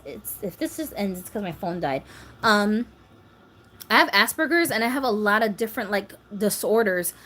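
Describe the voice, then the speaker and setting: Woman in her thirties, host, lively fairly high voice, casual phone livestream with faint hiss. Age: 30s. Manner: animated, laughs often, reads viewer comments aloud. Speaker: doll channel host.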